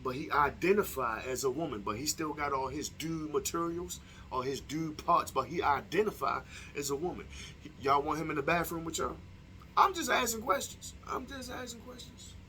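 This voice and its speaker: A young man talking straight to camera in a casual vlog, swearing freely and throwing rhetorical questions at his viewers. His voice sits a little high for a man and has a bright, forceful edge. Faint ambient noise hums behind him. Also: a little fast. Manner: profane, heated rhetorical questions. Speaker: vlogger. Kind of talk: casual opinion monologue to camera.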